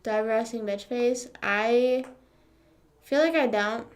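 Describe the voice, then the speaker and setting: Chatting informally with people watching her stream, a young woman speaks a little slowly in a slightly high voice. She's sarcastic, swears a lot, and leans heavily on filler words.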